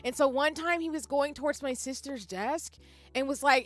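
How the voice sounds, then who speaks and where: A woman's voice: high-pitched, moderate pace, fairly bright tone. A woman streamer chatting casually with viewers, rambling and laughing often as she reads the chat aloud. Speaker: live streamer.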